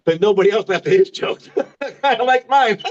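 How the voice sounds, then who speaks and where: A man's voice: high voice, animated, normal speed, dull audio. A man in his fifties doing a stand-up comedy set, mocking himself and laughing at his own jokes. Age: 50s.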